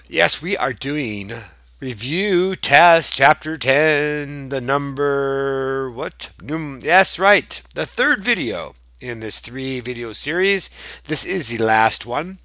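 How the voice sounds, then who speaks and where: A man's voice: medium pitch, expressive, slow pace, sharp tone, no echo. A man teaching math in a playful, chatty video lesson, joking and chuckling as he works through problems.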